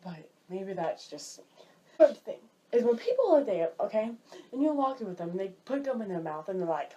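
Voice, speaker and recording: A woman's voice: mid-range voice, big pitch swings, a little fast, warm tone, a little hiss or hum. A young woman ranting casually about everyday pet peeves as a vlogger, exasperated and filling her talk with "like.". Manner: chatty, exasperated, heavy use of "like". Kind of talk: casual list rant.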